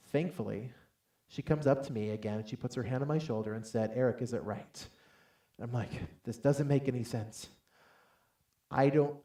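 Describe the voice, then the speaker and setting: A man giving a motivational talk from a stage to a live audience, telling a personal story with lively acted-out dialogue and calling on the crowd to answer. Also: mid-range voice, echoey room. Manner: animated storytelling, acts out dialogue loudly, calls for audience responses. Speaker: motivational speaker. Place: large hall on stage.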